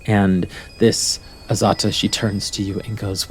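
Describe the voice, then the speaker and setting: Slow, descriptive game-master narration from a man. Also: lowish voice, little pitch movement, a little hiss or hum. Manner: descriptive, unhurried, searching for words.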